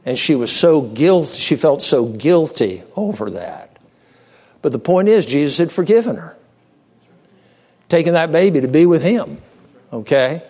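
A man preaching a sermon with passion, swinging between raised cries and low hushed storytelling, often restarting words and speaking straight to his listeners. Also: big pitch swings, measured pace, long pauses, slightly rough. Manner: repeats and restarts words, direct address to listeners. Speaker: pastor.

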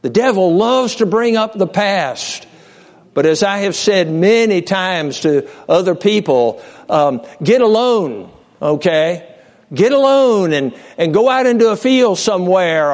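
A man preaching a sermon with passion, swinging between raised cries and low hushed storytelling, often restarting words and speaking straight to his listeners. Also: animated, unhurried. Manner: repeats and restarts words, direct address to listeners. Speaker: pastor.

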